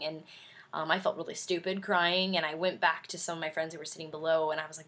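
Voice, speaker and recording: A woman's voice: fairly low pitch, brisk, fairly bright tone. A young adult woman chatting in a casual video review, effusive and rambling with many fillers. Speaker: vlogger.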